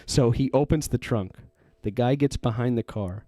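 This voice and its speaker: A man's voice: medium pitch, normal speed, hardly any pauses, mellow, dry recording. A man co-hosting a podcast, casually telling a rambling story, laughing often and acting out the people in it. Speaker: podcast co-host.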